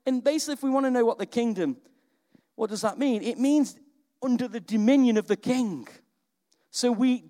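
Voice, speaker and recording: A male preacher delivers a sermon in a chatty, lively style and keeps turning to his listeners with questions. His voice sits fairly high for a man. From England. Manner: lively, conversational, asks the audience questions.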